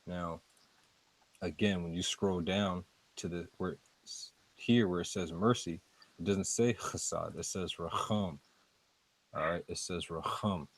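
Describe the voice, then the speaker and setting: A man teaching scripture in a casual, halting way, going slowly word by word and often repeating himself. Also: low voice, fairly even intonation, rough recording. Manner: slow, halting, repeats words and fillers. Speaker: street preacher teaching scripture.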